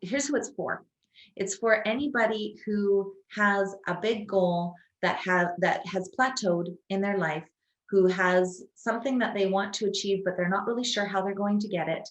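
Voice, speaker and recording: A woman's voice: mid-range voice, steady tone, normal speed. Enthusiastic woman in an echoey room. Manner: enthusiastic, persuasive explaining. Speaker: co-host promoting a coaching program. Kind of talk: casual conversational chat.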